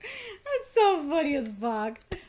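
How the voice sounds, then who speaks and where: Casual reviewer, woman, high voice, loose, profane rambling recap. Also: sing-song, slow, heavy background noise. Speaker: TV episode reviewer.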